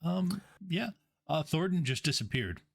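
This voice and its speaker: A man running a tabletop game as game master, hesitant and filling pauses with ums and okays. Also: fairly high pitch, animated, dry recording, clean studio sound.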